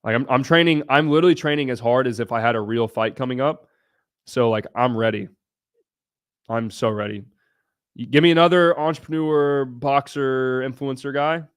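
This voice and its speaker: A man hosting a casual livestream Q&A, talking bluntly with frequent swearing and bursts of excitement. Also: mid-range voice, moderate pace, clear, resonant tone. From United States (Ohio). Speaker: livestream host.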